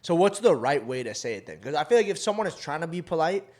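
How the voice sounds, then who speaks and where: A man co-hosting a podcast in laid-back, casual talk, laughing and slipping into quick voices. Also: on the high side, very animated, a little mellow. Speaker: podcast co-host.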